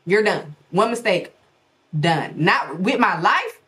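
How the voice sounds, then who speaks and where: A podcast host shares casual commentary in a sassy, dramatic way, telling stories with plenty of exaggeration. Her voice is medium-pitched, sing-song, and a little bright, moving slowly as she rambles and tosses out rhetorical questions.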